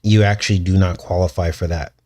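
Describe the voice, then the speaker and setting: Guy with a lowish voice rambling through stories, cracking jokes, chuckling along. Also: steady tone, fairly quick, a little mellow. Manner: rambling, joking, chuckles between points. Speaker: channel host. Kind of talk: casual commentary show.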